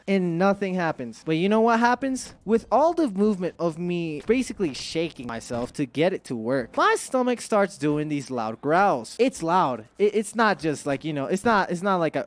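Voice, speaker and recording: A young man tells a crude story to his chat in a rambling way, stumbling over his words and restarting. His pitch swings widely from low mutters to high outbursts. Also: big pitch swings, moderate pace. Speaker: streamer telling a story. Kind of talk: storytime vlog.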